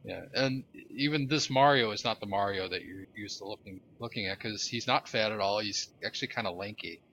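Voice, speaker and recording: Man, podcast co-host, dry sarcasm, bright tone, dull audio. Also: lowish voice, brisk, slight background noise. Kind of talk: casual chat.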